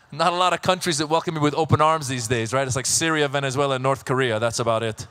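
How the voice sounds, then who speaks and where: Bright-voiced stand-up comedian, animated. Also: male voice, mid-range voice, quick pace, clear, resonant tone. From Iran. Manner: animated storytelling, acts out voices.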